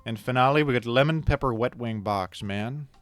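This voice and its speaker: Man, casual gameplay commentary, rambling and chatty, mid-pitched voice, faint background music. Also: moderate pace, dry recording. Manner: rambling, chatty, self-correcting. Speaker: gaming video creator.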